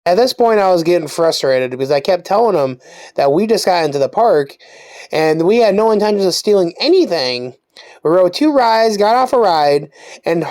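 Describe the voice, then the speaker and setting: Young vlogger telling a lively story. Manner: animated retelling with lively pitch jumps. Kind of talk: casual story time.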